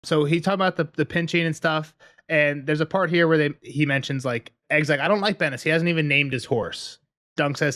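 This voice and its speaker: A man's voice: fairly high pitch, steady tone, a little fast, fairly bright tone. A man co-hosting a podcast, chatting casually about a book with rambling asides and frequent laughter. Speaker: podcast co-host.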